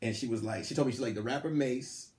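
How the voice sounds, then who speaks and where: A man hosting a podcast, telling a story in casual chat and acting out the quotes. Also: quick pace. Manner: animated, acts out quotes with big jumps in pitch. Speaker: podcast host. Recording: roomy echo.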